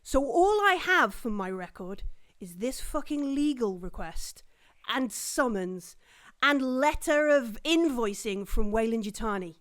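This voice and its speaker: A furious, foul-mouthed female commanding officer, as a woman puts her on, ranting in a fairly high voice that cracks and swears at her marine. The tabletop game's voice is loud and clipped. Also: expressive, measured pace. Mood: scolding.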